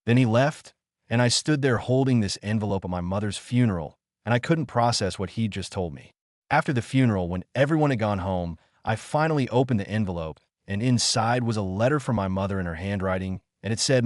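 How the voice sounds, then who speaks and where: A man narrating a first-person story in a steady, measured reading. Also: on the low side, no echo, clean studio sound.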